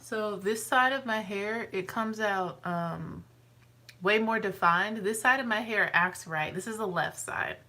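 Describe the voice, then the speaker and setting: A woman's voice: a little slow, bright, forceful tone, far from the mic, rough recording. A woman talking casually through her hair routine as a vlogger, chatting along as she works. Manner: chatty, talks to her dog in a high sweet voice. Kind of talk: casual hair tutorial chat.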